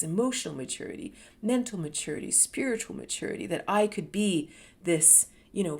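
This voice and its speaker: A woman in her fifties hosting a talk, telling her own story in a candid, expressive way that dips into soft murmurs and rises with emphasis. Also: mid-range voice, slightly rough. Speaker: host sharing a personal story. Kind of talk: reflective personal storytelling.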